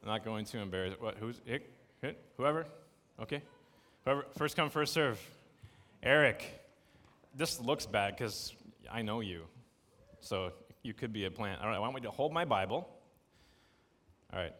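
A man in his thirties giving a casual, jokey sermon to a congregation, telling stories in a lively, conversational way. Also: lowish voice, moderate pace. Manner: conversational, jokey, animated storytelling. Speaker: preacher. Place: church sanctuary. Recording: long reverb of a church hall.

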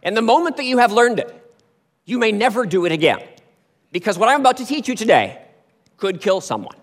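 A man's voice: high-pitched, very animated, brisk. A man quoting his serious old judo master, who gives a grave, solemn warning to his students. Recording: long hall reverb.

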